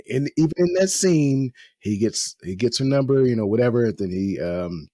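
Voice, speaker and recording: Husky man ranting on a podcast. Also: mid-range voice, expressive, moderate pace, mellow, no echo, clean studio sound. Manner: rambling, exasperated rants with many restarts. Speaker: podcast host. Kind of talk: casual chat.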